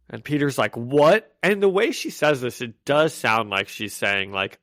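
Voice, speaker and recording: A man's voice: medium pitch, measured pace, hardly any pauses, dry recording, clean studio sound. A man co-hosting a podcast, recapping comic issues in casual chat and acting out the characters' lines. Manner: animated, acts out quoted lines in voices. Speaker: podcast co-host.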